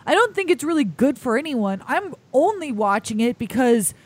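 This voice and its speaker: A woman co-hosting a relaxed talk show. She answers calmly and plainly, with a fairly high voice. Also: normal speed. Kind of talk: casual chat.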